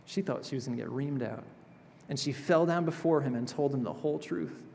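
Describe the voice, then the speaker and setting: A male pastor delivering a sermon in a chapel, expressive, moving between emphatic passages and hushed, gentle ones. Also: medium pitch, fairly quick, vocal fry, slight background noise. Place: chapel sanctuary. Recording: reverberant chapel hall.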